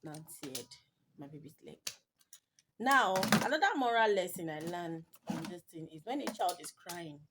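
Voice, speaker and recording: A woman's voice: on the low side, animated, moderate pace. Nigerian woman vlogger telling an emotional story. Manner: emotional, rambling retelling, mixing English with Pidgin. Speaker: mommy vlogger. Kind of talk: personal storytelling to camera. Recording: noisy home video recording.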